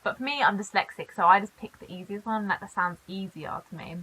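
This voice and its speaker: A young British woman casually reacting on camera to things she reads aloud, chatting with quick asides. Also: mid-range voice, pushed and bright, a little hiss or hum, poor audio. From Britain. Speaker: reaction vlogger.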